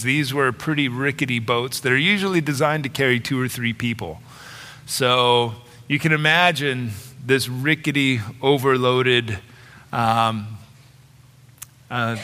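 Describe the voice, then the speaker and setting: A middle-aged man preaching a sermon in an unhurried, deliberate pace, his voice bright and slightly high. He tells the story with storyteller's flair, and the sound carries a long reverb, as if from a large hall. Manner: storytelling, animated when retelling scenes. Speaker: pastor.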